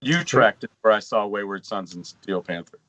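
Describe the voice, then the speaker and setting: A man's voice: lowish voice, normal speed, no echo. A man guesting on a gaming podcast, chatting casually and teasing with jokes. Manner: jokey, teasing, animated. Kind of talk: casual joking chat.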